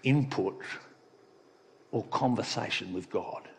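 A man preaching a sermon as pastor, talking in a relaxed, conversational way and telling a playful joke. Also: fairly low pitch, slow pace, slightly rough. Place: church hall. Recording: long reverb of a church hall.

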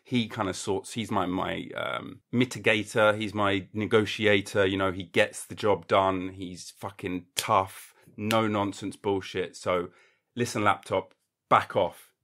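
A man's voice: on the low side, steady tone, measured pace, fairly bright tone. A man hosting a podcast in a casual comedic monologue, rambling and jokey, swearing freely and acting mock-indignant. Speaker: podcast host.

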